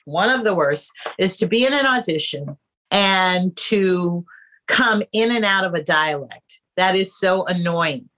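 A woman's voice: medium pitch, a bit bright. A woman acting coach and casting director giving emphatic, conversational advice to actors on a podcast. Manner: emphatic, conversational, addresses listeners as you guys.

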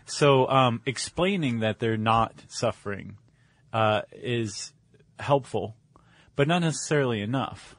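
A man's voice: mid-range voice, expressive, measured pace, dry recording. A man co-hosting a podcast, explaining in casual chat with fillers and restarts. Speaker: podcast co-host.

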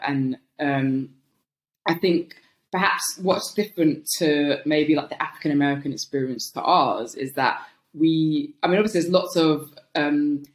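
A woman's voice: low-pitched, echoey room. Woman, London accent, podcast guest, casual reflective chat, thinks aloud. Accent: London English. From England.

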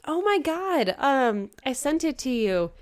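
A woman co-hosting a casual podcast, animated and exclamatory, with many "like"s. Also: sits high, measured pace. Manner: animated, exclaims often, lots of "like". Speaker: podcast co-host. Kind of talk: casual chat.

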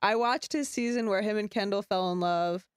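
A young woman with a smooth, clear voice co-hosts a podcast. She talks in an animated, rambling way and laughs often, recorded dry and close. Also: mid-range voice, normal speed, dry recording. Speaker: podcast co-host. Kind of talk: casual chat.

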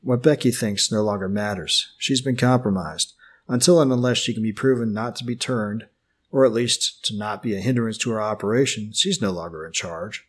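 A man's voice: on the low side, moderate pace, husky. A man voicing a cold, disdainful man who speaks with smug contempt in an audiobook. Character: cold, disdainful man, a scheming group leader.

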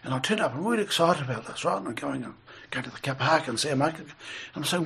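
This is a middle-aged man, sharing a long anecdote in relaxed chat. His voice is gravelly and slightly husky, and he laughs softly as he talks, with plenty of restarts. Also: on the high side, fast. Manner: rambling, chuckles while telling stories. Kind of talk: casual storytelling chat.

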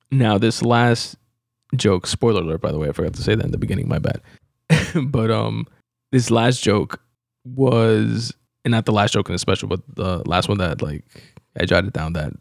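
Young male podcast host, low and gravelly, loose chatty delivery, dry close sound. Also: dry recording. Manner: rambling, loose, laughs often, swears casually. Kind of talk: casual solo podcast review.

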